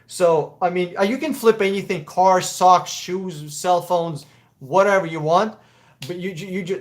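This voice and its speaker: A man with a Russian accent hosting a casual live Q&A stream, answering chat questions in a blunt, profane, opinionated way. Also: a little high. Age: adult.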